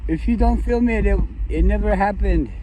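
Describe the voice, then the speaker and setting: A man's voice: high voice, normal speed, warm tone, pitched above the performer's own voice, close to an everyday voice, poor audio. A man voicing a contemptuous male official who scolds the public in a mocking, haughty voice. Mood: condescending. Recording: outdoor noise behind the voice.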